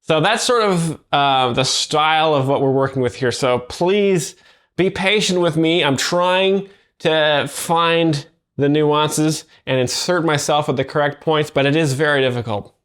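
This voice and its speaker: A man hosting a show where he explains comedy, talking in a dry, halting way with many fillers. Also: on the high side, a bit bright, clean tone. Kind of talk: deadpan commentary.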